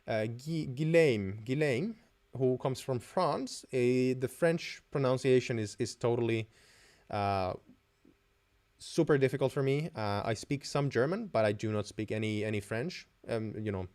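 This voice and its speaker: A man's voice: mid-range voice, unhurried, a little mellow, clear, resonant tone. A young man from Finland hosting a live stream and answering viewer questions in a chatty way, with many restarts and fillers.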